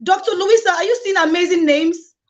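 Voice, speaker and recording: A woman's voice: extremely high pitch, fairly quick. A woman hosting a live-streamed conference with exuberant energy, hyping the crowd and repeating phrases. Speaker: conference host. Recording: dull lo-fi sound.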